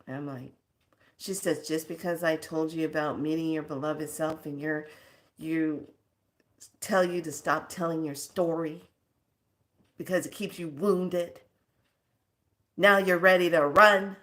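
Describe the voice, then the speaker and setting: A woman with a low voice tells a personal story at an unhurried pace. She lingers over her words and slips into the voices of the people in her memory. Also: fairly even intonation, fairly bright tone. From California. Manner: slow, reflective, acts out quoted dialogue. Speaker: storyteller sharing a personal lesson.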